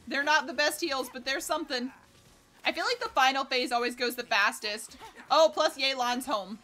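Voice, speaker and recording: A woman streamer giving chatty, excitable live commentary while playing a co-op game, laughing and swearing often. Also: sits high, normal speed. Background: faint game music.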